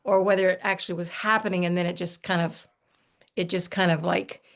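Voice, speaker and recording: An older woman, an herbalist guest, telling stories in a relaxed, folksy way, often restarting her sentences. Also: fairly low pitch, a little fast, creaky. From United States. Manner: warm folksy storytelling with frequent restarts and laughs. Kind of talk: relaxed conversational storytelling.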